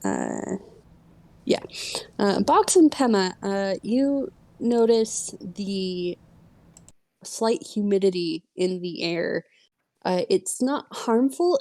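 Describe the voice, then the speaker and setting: Woman gm narrating a tabletop game, slow and hesitant, lots of uhs, mellow tone. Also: mid-range voice, no room sound. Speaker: game master.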